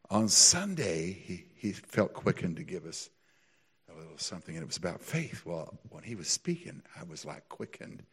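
A man preaching a sermon, telling stories with lively, animated delivery that climbs to excited peaks. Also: slightly rough. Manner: animated storytelling, builds to high excited peaks, laughs often. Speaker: pastor.

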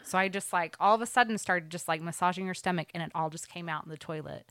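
A woman's voice: on the low side, quick pace, fairly bright tone, dry recording. A young woman telling a story in casual podcast chat, full of "like"s. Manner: chatty storytelling with many "like"s.

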